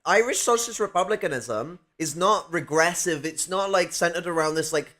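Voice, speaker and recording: A man with a voice a little higher than most men's, making his case in a casual political discussion. He argues point by point, pokes holes in other views and swears often. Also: expressive, normal speed, sharp tone. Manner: argumentative, swears freely, explains at length.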